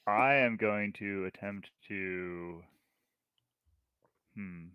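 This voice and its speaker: A man's voice: fairly low pitch, drawn-out words, smooth, no echo, dull audio. A man playing a tabletop game, hesitant, with many fillers and restarts. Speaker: player.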